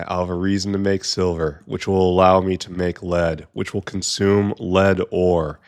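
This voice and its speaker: A man's voice: low voice, clear, resonant tone. A man giving casual gameplay commentary, muttering to himself with wry asides as he works. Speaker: gameplay streamer.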